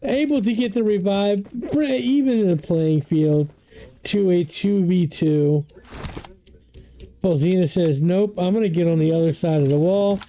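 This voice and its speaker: An esports caster doing play-by-play commentary, chatty and excitable, with the voice jumping up on every knockdown. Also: a little hiss or hum, rough recording. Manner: excitable, pitch jumps on knockdowns; chatty asides about the broadcast controls.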